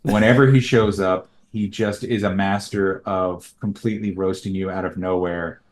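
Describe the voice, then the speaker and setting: A man in his thirties, a guest on an interview show, telling animated stories with frequent laughs and sudden high swoops into quoted voices. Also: normal speed, reverberant, a little hiss or hum. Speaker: animation creator and voice actor, guest. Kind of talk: casual interview chat.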